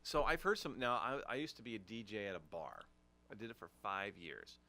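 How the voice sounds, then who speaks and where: A man's voice: on the low side, very animated, brisk, creaky, bright, forceful tone. A middle-aged man co-hosting a casual podcast, telling rambling stories with lots of restarts and fillers. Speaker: podcast co-host.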